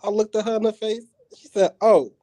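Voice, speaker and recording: A woman's voice: medium pitch, little pitch movement, quick pace, warm tone, no room sound, low-quality recording. A woman co-hosting a live stream in casual chat, telling stories, acting out what others said, and laughing easily. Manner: storytelling, acts out others' voices, laughs easily. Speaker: stream co-host.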